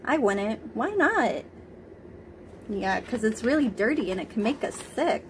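Slow, gentle woman reading to children. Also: fairly high pitch, big pitch swings, a little hiss or hum. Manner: gentle, asks the child questions. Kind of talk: reading a picture book to young children.

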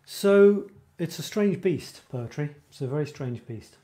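Rambling, mellow-voiced male host. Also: fairly high pitch, lively intonation, a little slow. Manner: rambling, self-interrupting, laughs at himself. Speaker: host of a creative writing show. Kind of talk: casual live-stream chat.

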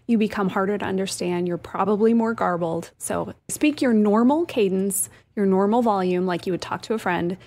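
A woman's voice: mid-range voice, moderate pace, few pauses, a little mellow. Upbeat woman co-host explaining. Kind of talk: casual radio show chat.

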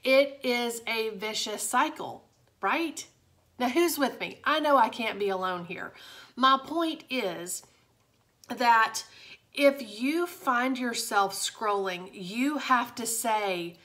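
Bright-voiced woman giving pep talk. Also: fairly high pitch. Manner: chatty, confiding, addresses viewers directly. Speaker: direct sales director. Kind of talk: casual motivational vlog.

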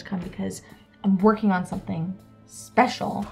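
A woman role-playing her character at a tabletop game in an earnest, gentle, tentative way. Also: medium pitch, animated, normal speed, soft background music. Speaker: player.

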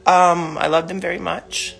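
A woman's voice: fairly low pitch, little pitch movement, moderate pace, vocal fry, a bit bright, faint music behind. A middle-aged woman talking in a rambling, emphatic way with many fillers, recorded on a phone livestream in her living room. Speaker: social media livestreamer. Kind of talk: emotional livestream monologue.

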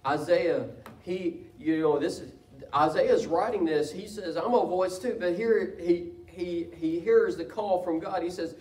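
A high-pitched man preaches with fervor, his voice climbing into loud cries at its peaks. He is picked up from a distance, so the sound is thin and carries the ring of a reverberant church sanctuary. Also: a little slow. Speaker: pastor. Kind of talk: sermon. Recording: echoey church room from a distance.

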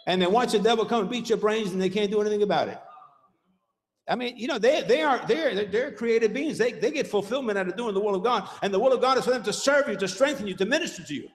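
The recording captures a church sanctuary, its hall ringing with a long reverb, where a man with a high voice preaches at a quick pace. As pastor, he drives the sermon with emphasis and rhythm, calling out "Hello?" and "Huh?" to his listeners.

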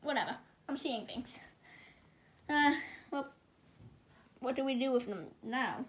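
A woman's voice: high voice, moderate pace, slight background noise. A woman voicing every character in a homemade cartoon, with frantic yelps and cries of pain. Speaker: fan animator voicing all characters.

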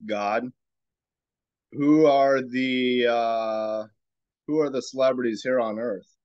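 A man hosting a podcast, giving a reflective spiritual talk in a slow, musing way and asking himself rhetorical questions. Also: medium pitch, fairly even intonation, a little mellow, clean tone, no echo, dull audio. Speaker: podcast host.

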